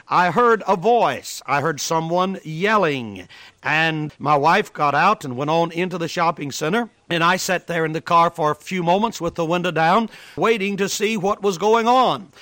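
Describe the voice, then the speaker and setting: A man's voice: a little high, fairly bright tone, no room sound. A man preaching a sermon, telling a story in an earnest, emphatic way.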